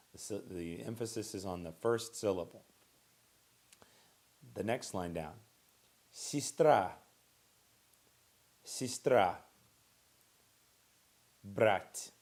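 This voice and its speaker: Low-voiced male teacher drilling vocabulary. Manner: repeats each word twice, stresses syllables clearly; relaxed, with fillers and restarts. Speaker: Russian language teacher. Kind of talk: recorded classroom vocabulary lesson.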